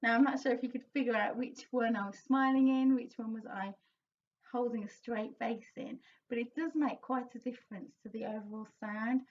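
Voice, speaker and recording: A high-pitched woman coaching singers in an encouraging, explanatory way and now and then singing a line to show it. Her voice is a little far from the mic, and the sound is slightly dull. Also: steady tone, normal speed. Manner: encouraging, breaks into sung demonstration lines. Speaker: vocal coach. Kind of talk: singing lesson, explaining and demonstrating.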